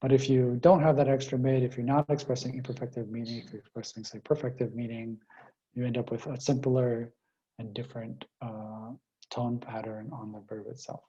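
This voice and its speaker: A man's voice: mid-range voice, flat delivery, fairly quick, mellow, lo-fi sound. A man giving a linguistics lecture, explaining step by step with frequent fillers over a remote call.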